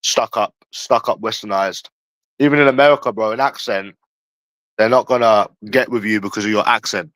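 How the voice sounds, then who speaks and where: A man's voice: fairly low pitch, moderate pace, a bit bright, no room sound, poor audio. Blunt, swearing man ranting. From England. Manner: blunt and profane, talks straight to a chat viewer. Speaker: livestream host. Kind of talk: casual livestream rant.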